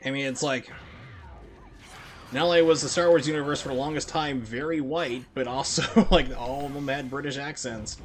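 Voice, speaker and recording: A man's voice: medium pitch, steady tone, moderate pace, a little hiss or hum. Rambling young man streaming a speedrun. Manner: rambling, heavy on "like" fillers. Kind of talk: casual live commentary while playing.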